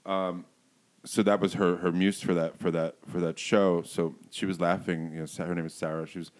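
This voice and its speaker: Deep-voiced dj guy rambling thru a story, lots of restarts. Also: normal speed. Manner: rambling, trails off, animated storytelling. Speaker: DJ guest. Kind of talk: casual chat.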